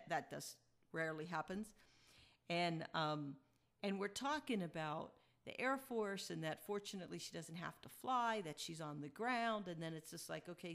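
A woman's voice: on the low side, a bit bright. A woman podcast host telling a personal story in a chatty, reflective way and chuckling as she goes.

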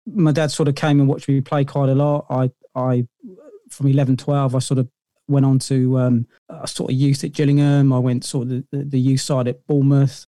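A man's voice: mid-range voice, little pitch movement, normal speed, mellow, dry recording, clean studio sound. A middle-aged man, a podcast guest telling long stories in a rambling way, full of fillers and restarts. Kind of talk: casual interview storytelling.

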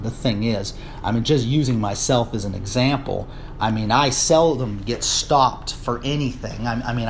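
A man from the United States delivering a political rant on his vlog, rambling with many fillers and restarts and rising into indignant shouting. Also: medium pitch, a little hiss or hum. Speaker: political commentator.

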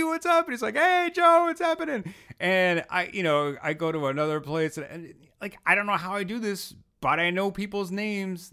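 A man's voice: a little high, a bit bright. A young man hosts a podcast in a loose, rambling way. He pokes fun at himself and often starts a sentence over. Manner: rambling, self-deprecating, many restarts. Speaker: podcast host. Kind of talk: casual podcast monologue.

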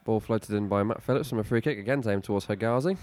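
A man's voice: on the low side, fast talker, a little mellow. A young man hosting a comedy podcast, doing a running, easily amused play-by-play of a football match. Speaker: podcast host, football commentator. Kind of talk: comic mock football commentary.

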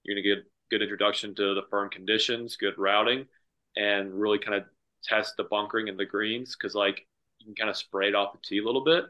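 A man's voice: lowish voice, fairly even intonation, a little fast, pushed and bright. An American man from the north-east USA, a golf professional guest, telling stories casually and saying "like" constantly. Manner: rambling, says "like" constantly. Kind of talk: casual podcast conversation. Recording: dull lo-fi sound.

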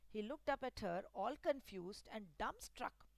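A woman narrating a spooky first-person story in a deliberate, dramatic storytelling manner. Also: on the high side, expressive, vocal fry, dry recording, low-quality recording.

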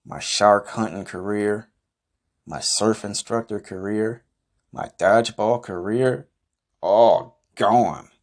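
A young man hosting a podcast, telling an absurd, profane, boastful story in a rambling deadpan way. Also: fairly low pitch, slow. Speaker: podcast host.

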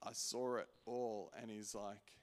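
A man's voice: lowish voice, flat delivery, measured pace. Earnest man preaching his testimony. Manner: earnest, with many restarts and swings from loud to hushed. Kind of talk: sermon testimony.

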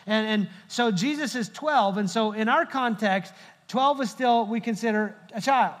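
A man's voice: high voice, moderate pace, a bit bright. A middle-aged male pastor giving a humorous sermon, telling stories and joking with the congregation. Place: large church hall. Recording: long hall reverb.

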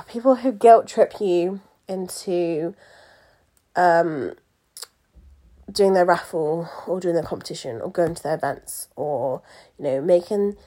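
A woman's voice: on the low side, lively intonation, slow pace, dark tone. A young woman, a pageant coach, talking candidly to her followers in a casual, chatty monologue full of fillers and asides. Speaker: pageant coach and event organiser.

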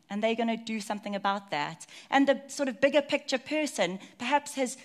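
Woman preaching in a chatty way. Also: medium pitch. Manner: chatty, personal storytelling with many asides. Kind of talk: sermon.

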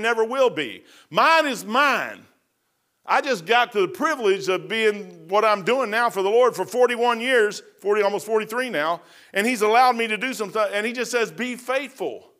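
A man's voice: high voice, bright, forceful tone. A man, preaching a folksy sermon with casual asides and self-mocking humor. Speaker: pastor.

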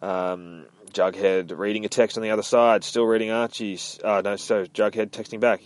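A man rambles through a comic book recap in a loose, offhand way and swears often. His voice sits a little low. The recording is dry and close, with no room sound. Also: steady tone, normal speed, few pauses, no room sound. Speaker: comic reviewer, podcast host. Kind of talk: casual comic read-through.

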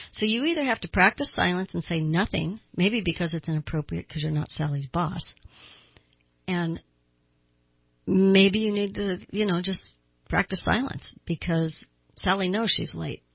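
Low, gravelly woman giving emphatic advice. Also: no echo, muffled recording. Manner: emphatic, repeats words for stress. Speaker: self-help talk show host. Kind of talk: advice talk to listeners.

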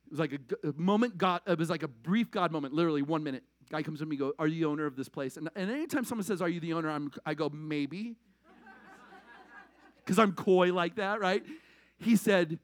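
A male pastor preaching a conversational sermon, animated, swinging between loud emphasis and quiet asides. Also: fairly high pitch, fairly quick, no room sound.

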